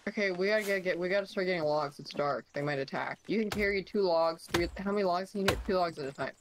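A woman's voice: on the low side, quick pace. A woman guesting on a game stream, chatting casually and insisting on her plans in a playful way. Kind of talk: casual gaming chat. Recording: noisy mic.

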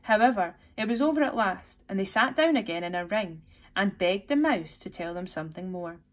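A woman teacher reading a storybook aloud to a class and giving slow, step-by-step instructions for a gap-fill task. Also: medium pitch, lively intonation. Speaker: primary school teacher.

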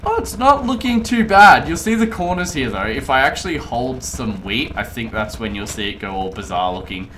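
A man casually commenting on his own gameplay as host, chatty, rambling and excitable. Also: mid-range voice, normal speed, hardly any pauses, slight background noise. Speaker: let's play host.

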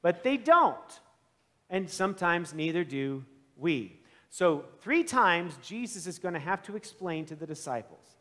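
High-voiced pastor preaching in reverberant church. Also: male voice. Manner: conversational, animated storytelling. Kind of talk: sermon.

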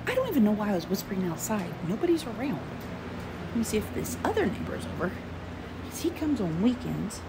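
A woman's voice: medium pitch, big pitch swings, fast, noisy background. Chatty woman vlogging at home. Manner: chatty, rambling, many "um"s; drops to a whisper at times. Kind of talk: casual vlog chat. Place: at home, inside and in the yard. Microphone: handheld camera.

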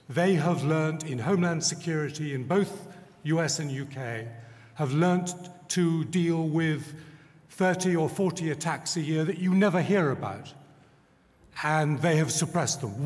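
A man on a debate panel giving measured, emphatic answers. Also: a little high. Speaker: panel speaker. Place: large concert hall. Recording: long hall reverb.

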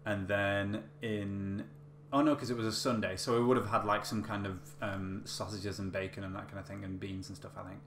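A man with a lowish voice tells a personal story in a loose, rambling way, full of ums and self-corrections. He is recorded in an echoey room with a faint hum behind him. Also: level tone, fairly quick. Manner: chatty, rambling with many fillers and restarts. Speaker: vlogger. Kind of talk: casual storytelling.

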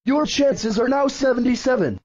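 A man's voice: lively intonation, moderate pace, darkish tone, husky, exaggerated voice. A man voicing a bossy purple dinosaur who scolds and threatens, in a fan-made cartoon with dull, lo-fi sound. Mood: scolding. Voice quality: very high-pitched. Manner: scolding, threatening, repeating rules. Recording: dull lo-fi audio.

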